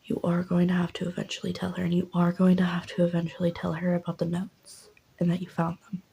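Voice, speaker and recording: A man's voice: high voice, completely flat delivery, fast talker, creaky, warm tone, husky, heavily acted. A woman voicing a protective, blunt teenage brother who swears when angry, in whispered role-play. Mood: serious.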